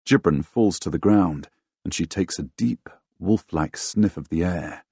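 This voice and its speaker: A man narrating a first-person fantasy audiobook in a dramatic, expressive way, recorded close on a studio microphone. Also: deep voice, a little slow, vocal fry, slightly rough, no echo. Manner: dramatic, expressive, bursts into loud shouts in dialogue.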